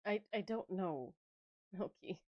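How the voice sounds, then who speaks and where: A woman's voice: medium pitch, slow, lo-fi sound. A young adult woman chatting casually on a game stream, telling stories animatedly with laughter and acted-out quotes. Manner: animated storyteller who laughs and acts out quotes. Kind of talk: casual live-stream chat.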